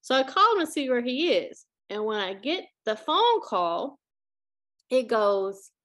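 A woman with a slightly higher voice tells a dating story in relaxed, lively podcast chat. She is animated, jumps into quoted voices, and laughs along the way. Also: measured pace. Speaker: podcast host.

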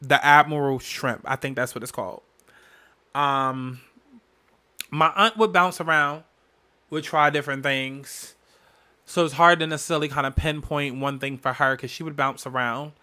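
A man hosting a solo podcast, telling family memories in a candid, emotional way with lots of profanity and animated bursts. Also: medium pitch, moderate pace. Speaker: podcast host.

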